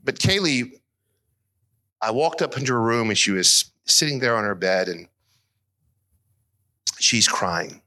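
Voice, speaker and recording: A middle-aged man preaching a sermon as pastor, earnest and emotional, his voice climbing high as he is moved. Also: expressive, measured pace, long pauses, pushed and bright.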